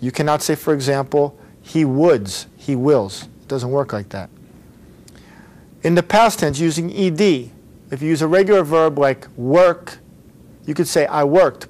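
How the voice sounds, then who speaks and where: A man's voice: on the high side, a little mellow. A man teaching an English grammar lesson, patiently explaining and repeating model phrases for learners to say back.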